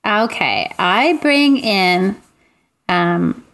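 A woman co-hosting a casual podcast, drawing out her jokes with a deadpan delivery. Her voice sits in a plain middle register. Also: medium pitch, extremely slow, noisy background. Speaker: podcast co-host. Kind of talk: casual chat.

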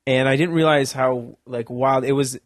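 A man's voice: medium pitch, steady tone, moderate pace, no echo. Rambling jokey man, dry close sound. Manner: rambling, jokey, drifts into mock accents. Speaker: podcast guest. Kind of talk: casual chat, storytelling.

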